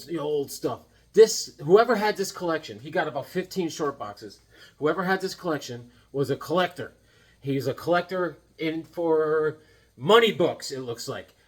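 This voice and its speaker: Tired man, rambling jokey stories, fairly high voice, comic room at home. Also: husky. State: tired from lack of sleep. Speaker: comic collecting channel host. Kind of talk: casual rambling storytelling.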